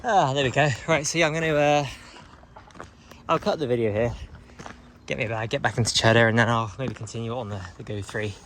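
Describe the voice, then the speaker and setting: A man in the mid range, steady in tone and fairly bright, narrates a walking vlog a little fast. He chats casually to his camera and mutters to himself outdoors on a hill near traffic, with a little hiss or hum audible.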